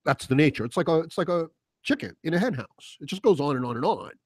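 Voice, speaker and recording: A man's voice: on the high side, expressive, fast talker, breathy edge, dry recording. A man hosting his own vlog, talking off the cuff in a blunt, sarcastic, rambling manner. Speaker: host. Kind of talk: opinion rant vlog.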